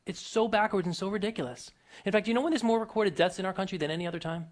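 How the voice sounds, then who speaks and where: A man's voice: high-pitched, rapid-fire. A man giving a motivational speech to an audience, emphatic and full of rhetorical questions and stories. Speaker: motivational speaker.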